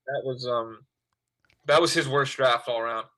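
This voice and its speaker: A man who is a guest on a casual sports podcast, speaking knowledgeably and sometimes trailing off into low mutters. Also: normal speed, sharp tone. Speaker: guest, video creator and fan.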